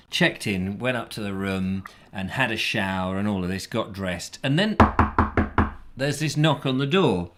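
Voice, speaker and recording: A man's voice: on the low side, a bit bright. A man hosting a comic live chat show, telling rambling anecdotes and laughing at his own stories. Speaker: host.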